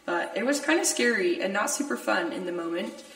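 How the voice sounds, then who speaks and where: A woman's voice: mid-range voice, lively intonation, fairly quick, fairly bright tone. A young woman hosting a podcast, chatting casually and laughing often, with lots of filler words. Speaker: podcast host. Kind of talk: casual chat. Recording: echoey room, distant from mic.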